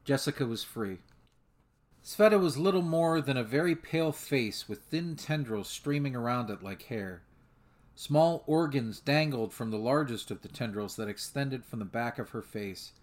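A man narrating a fan audiobook in a measured, steady storytelling manner. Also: mid-range voice.

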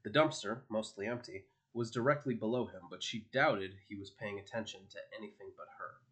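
Low-voiced man narrating an audiobook. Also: a little fast. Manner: steady, expressive storytelling.

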